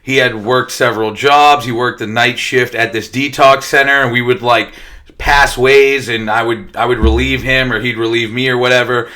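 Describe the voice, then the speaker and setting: Speaking at a normal speed, this young detox center worker recounts his recovery in a blunt, casual way, cursing constantly. His mid-range voice is steady, bright, and forceful.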